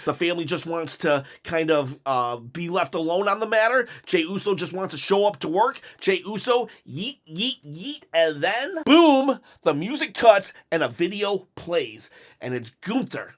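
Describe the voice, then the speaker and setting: A man with a fairly high voice talks through wrestling storylines in a loose, casual way. He speaks close to the mic and keeps his energy up. He often drops into quick quoted lines as the wrestlers. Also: sing-song, a bit bright. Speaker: wrestling commentary host. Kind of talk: casual fantasy-booking commentary.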